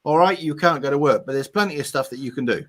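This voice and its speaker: A man's voice: on the high side, fast. A Welsh man hosting a casual pub chat, blunt and matey, swearing casually. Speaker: host.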